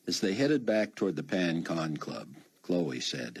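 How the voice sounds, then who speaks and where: A man's voice: sits low, sing-song, a little slow, few pauses, breathy edge. A man reading a novel aloud as an audiobook narrator, voicing all the parts himself.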